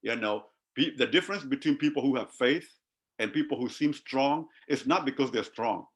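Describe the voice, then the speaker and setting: A man preaching a sermon to his congregation, animated and calling out to them, often repeating his words. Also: medium pitch, moderate pace. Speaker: pastor.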